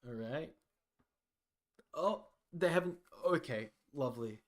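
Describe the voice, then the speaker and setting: A man running a fan-made tabletop role-playing game as game master, relaxed and hesitant, with plenty of fillers. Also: on the high side, slow.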